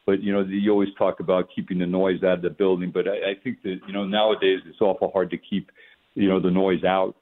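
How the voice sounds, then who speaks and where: An older man from the New York area is on the line as a guest on sports radio. His voice sits deep and comes through thin and phone-like. He talks in a halting way, restarting sentences and filling the gaps with "uh" and "you know.". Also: flat delivery. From New York metropolitan area. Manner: halting, many fillers and restarts. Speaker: former NFL coach, radio guest. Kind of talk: casual radio interview.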